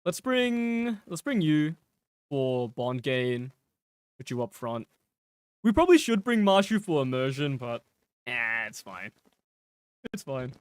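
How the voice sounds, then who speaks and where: A streamer with a northern English accent talking through a game in a laid-back, muttering way, swearing casually. The intonation rises and falls lively, and the sound is dry and close. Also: mid-range voice, takes it slowly, pauses often, clean tone, no echo. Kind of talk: casual gameplay commentary.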